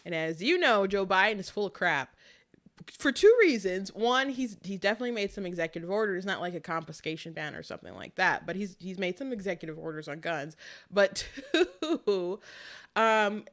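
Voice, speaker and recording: A woman's voice: mid-range voice, expressive, fairly bright tone. Chatty woman hosting political talk. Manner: chatty, laughs often, quick asides. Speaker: political commentary host. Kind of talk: casual political commentary.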